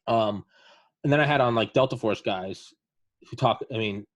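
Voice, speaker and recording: A man's voice: medium pitch, moderate pace, dry recording, muffled recording. A man hosting a casual podcast chat, retelling veterans' war stories in a rambling way with lots of fillers. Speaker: podcast host.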